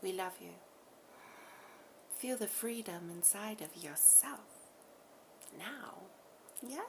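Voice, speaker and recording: A woman voicing a calm, loving collective spirit in a channeled message, speaking slowly and softly in half-whispers. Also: medium pitch, gravelly, background noise, voice pushed up. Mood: tender, soothing. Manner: slow, soft, often half-whispered affirmations.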